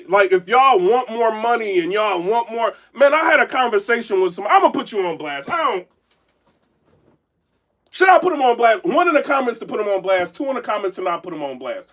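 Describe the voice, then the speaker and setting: A man talking indoors in a casual live-stream commentary, animated and rambling, often checking in with his chat. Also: high voice. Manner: animated, rambling, keeps asking "you know what I'm saying". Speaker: battle rap commentator and blogger. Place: indoor room.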